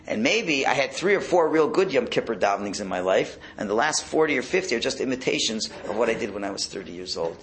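Lively, bright-voiced rabbi giving a sermon. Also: male voice, medium pitch, fast, hardly any pauses. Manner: storytelling with rising excitement and acted quotes. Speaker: rabbi giving a Torah class. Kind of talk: sermon-style Torah talk.

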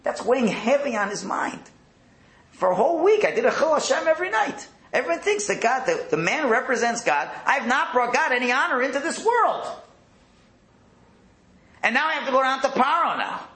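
A teacher acting out a fretful biblical patriarch. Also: male voice, high voice, quick pace, sharp tone, pitched above the performer's own voice. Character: anxious biblical patriarch, worried man. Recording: roomy echo.

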